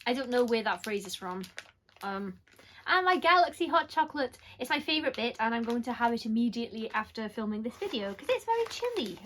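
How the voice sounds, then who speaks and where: A young woman talks through a book subscription box in a chatty, rambling way. She pitches a little higher than most women. She keeps apologising and poking fun at herself. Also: a bit bright, a little hiss or hum. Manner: chatty, apologetic, self-deprecating. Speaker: book vlogger. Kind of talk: casual unboxing chat.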